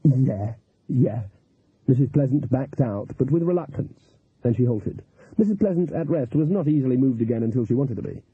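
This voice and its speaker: A man reads a story aloud with a husky voice and an animated, lively lilt. The recording is tinny and dry, with a phone-like narrow sound and no room echo. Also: medium pitch, a little fast. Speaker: narrator. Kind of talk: audiobook narration.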